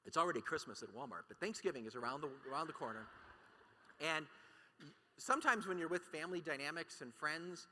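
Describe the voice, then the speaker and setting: A man's voice: fairly high pitch, lively intonation, a little fast, sharp tone, slight background noise. A man giving an impassioned keynote talk at a conference, emphatic and full of rhetorical questions. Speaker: conference speaker. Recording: long hall reverb.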